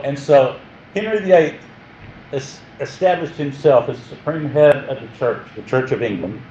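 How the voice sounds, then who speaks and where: A man teaching a history class in a jokey, animated way, often quizzing his listeners. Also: medium pitch, moderate pace, highs cut off, a little hiss or hum.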